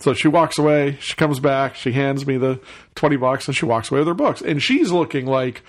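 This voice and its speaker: A man hosting a podcast, telling a casual anecdote in an animated way, acting out the people he quotes and chuckling often. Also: mid-range voice, a little fast. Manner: chuckles often while talking. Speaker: podcast host.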